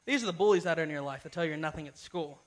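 A man's voice: a little high, rapid-fire, background noise. A young man giving a casual youth sermon, informal and often asking "right?". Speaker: youth speaker.

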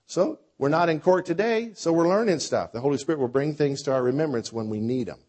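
A man preaching a sermon with a conversational style, dropping to quiet lines and rising to loud, drawn-out phrases. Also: a little high, expressive. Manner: preacher with a dynamic delivery, swinging between soft and loud. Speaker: pastor.

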